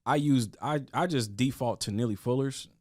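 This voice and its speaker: A man's voice: mid-range voice, normal speed, a little mellow, no echo, clean studio sound. A man talking earnestly in a casual podcast discussion, often restarting his sentences. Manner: earnest, with frequent restarts and stammers.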